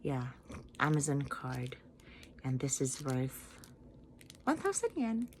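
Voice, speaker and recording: Slow-talking Filipino woman, low and lively. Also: slight background noise. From Philippines. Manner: chatty, giggly, playful exclamations. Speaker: vlogger. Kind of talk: casual chat while unboxing gifts. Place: home in Japan.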